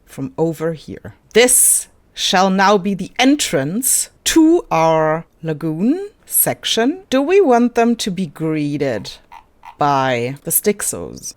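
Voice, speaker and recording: A woman's voice: low-pitched, big pitch swings, takes it slowly. A woman giving casual commentary while playing a park-building game, thinking aloud, giggling and answering her own questions. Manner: giggly and easily delighted. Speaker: gaming YouTuber.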